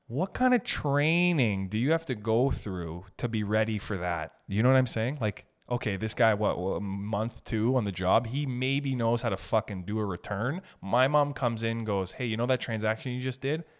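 A man hosting a solo podcast, telling stories in an animated, profane way and laughing as he talks. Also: lowish voice, a little slow. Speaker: podcast host.

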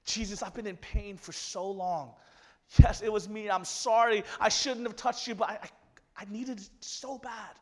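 A man voicing a desperate, fearful woman who speaks in a hushed, half-whispered way while telling a sermon story. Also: high-pitched, a little fast, big-room sound. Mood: confessing.

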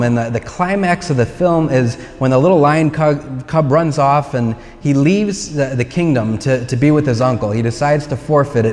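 A man's voice: mid-range voice, a little mellow. Guy priest giving an earnest storytelling homily, big church echo behind his voice. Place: church at Mass. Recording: long church reverb.

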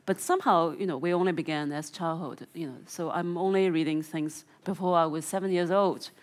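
A woman's voice: lowish voice, a little fast. A woman from China who is an author and filmmaker, talking in an interview with frequent restarts and many "you know"s, and reading aloud from her memoir. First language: Chinese.

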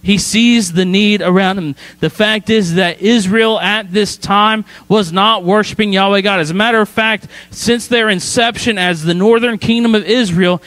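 Brief: male student pastor, high voice, dry close mic, casual storytelling sermon. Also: fairly even intonation, moderate pace, hardly any pauses, fairly bright tone, no echo. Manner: conversational, storytelling, asks "right?" often. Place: church sanctuary.

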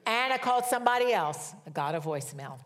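A woman's voice: on the high side, lively intonation, fast talker. A woman in her sixties preaching a sermon, telling a personal story with humor and fervent prayer. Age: 60s.

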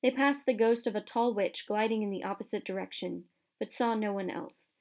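A woman narrating a storybook in a soft, measured, hushed way. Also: medium pitch. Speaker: audiobook narrator.

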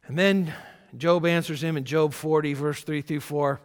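A man's voice: on the high side, moderate pace, big-room sound. A man preaching a sermon, reading scripture with rising force and breaking into conversational asides. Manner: animated, rising loud when quoting scripture, conversational asides. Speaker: pastor.

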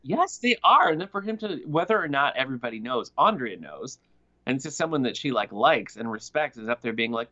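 A woman's voice: extremely low pitch, very animated, fairly quick, bright, forceful tone, lo-fi sound. A woman co-hosting a podcast, giving emphatic, opinionated takes on TV scenes. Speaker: podcast co-host. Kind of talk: casual TV recap chat.

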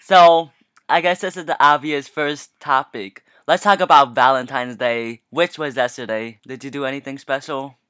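A man's voice: medium pitch, moderate pace, sharp tone, clear, resonant tone, no room sound, clean studio sound. A young man co-hosting a casual podcast, telling stories in a playful, joking way. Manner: playful, jokey storytelling. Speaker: podcast co-host. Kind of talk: casual chat.

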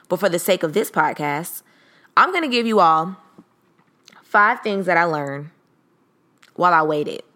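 A woman's voice: sits low, fairly bright tone. A woman in her thirties hosting a podcast, talking casually and reflectively, sometimes acting out her own inner voice. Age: 30s. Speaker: podcast host. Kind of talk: casual solo podcast talk.

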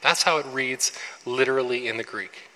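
A male pastor preaching a sermon, animated, full of rhetorical questions and quick restarts. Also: mid-range voice. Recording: long reverb of a large hall.

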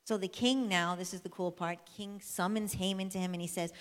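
A woman telling a Bible story as a sermon, lively and conversational, drawing the listeners in. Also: on the low side, fairly quick, hardly any pauses. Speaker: church speaker. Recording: long reverb of a large hall.

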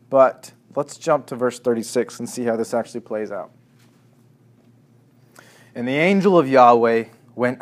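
A man gives a Bible teaching in a conversational tone. He reads passages aloud and voices the speakers with rising force and a note of sarcasm. His voice sits at a mid pitch. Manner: animated, acting out scripture quotes with sarcasm. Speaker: preacher. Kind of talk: sermon.

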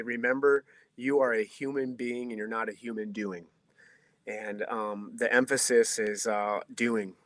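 A man's voice: mid-range voice, fairly bright tone, no echo. A man in his thirties, a pastor guest on a podcast interview, giving earnest, reflective answers with a preacher-like cadence. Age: 30s.

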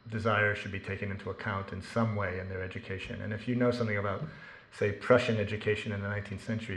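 A man's voice: lowish voice, gravelly, roomy sound. A man giving a talk before reading from his novel to an audience, self-deprecating and joking, with plenty of ums and restarts. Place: lecture room with an audience.

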